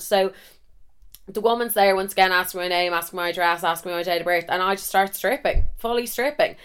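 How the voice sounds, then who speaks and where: A woman's voice: mid-range voice, fast talker, clear, resonant tone. A woman in her twenties with an Irish accent, telling funny stories on her podcast in a chatty, swearing, self-deprecating way. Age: 20s. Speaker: podcast host. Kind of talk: casual storytelling monologue.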